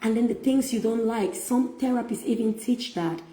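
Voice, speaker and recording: A middle-aged woman giving a faith-based self-help talk as a motivational speaker, speaking slowly and emphatically with preacherly repetition. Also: fairly high pitch, mellow. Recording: echoey room.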